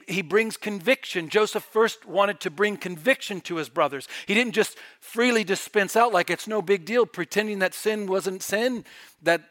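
A man preaching a sermon with fervent delivery, swelling loud and dropping to near-quiet. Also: sits high. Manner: fervent, rising and falling in volume.

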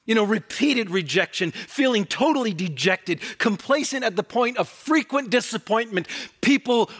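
A man preaching an expository sermon, with animated swings between loud emphatic quotes and quiet asides, and frequent restarts. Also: sits high, moderate pace, husky. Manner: frequent restarts and repeated words. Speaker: pastor.

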